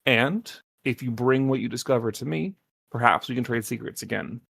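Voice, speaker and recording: A man voicing an ancient informant who trades in secrets, a character he plays in a tabletop game, speaking in a measured, cryptic way. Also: medium pitch, gravelly, fairly bright tone, slightly rough. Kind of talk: voiced role in a tabletop game.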